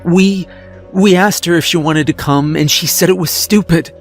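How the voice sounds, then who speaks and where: Nervous teen girl, stammering, higher pitched, as a male narrator puts her on. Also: normal speed, soft background music, lightly acted. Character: nervous teenage girl, stumbling over words.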